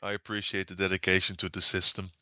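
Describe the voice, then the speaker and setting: A man's voice: sits low, monotone, fast, sharp tone, clear, resonant tone, no echo, dull audio. A man playing a tabletop game, making wry, dry asides. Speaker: player.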